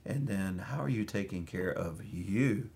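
This is a man speaking as a pastor who interviews a fellow pastor during a church message. His voice sits fairly low, and he asks his questions in a gentle, sympathetic way. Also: expressive, measured pace, creaky, breathy edge.

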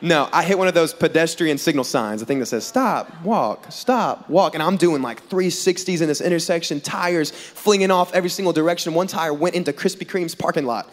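Preaching on stage in a large hall, a man with a fairly high voice tells a funny story to a live audience, speaking fairly quickly with few pauses. He's animated, acts out the dialogue in voices and jokes with the crowd, and the hall's long reverb is audible.

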